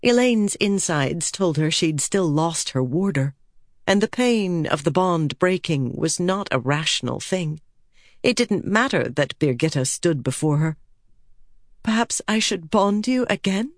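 A woman narrating an audiobook chapter in a measured, steady way. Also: low-pitched, no room sound, clean studio sound. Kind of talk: scripted narration.

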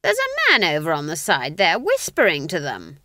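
A woman's voice: low voice, huge pitch swings, normal speed, pushed and bright, no echo, studio quality, exaggerated voice. A woman voicing a stern, formidable old witch who talks bluntly and grimly in an audiobook. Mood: suspicious. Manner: blunt, grim and commanding. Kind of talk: audiobook character voice.

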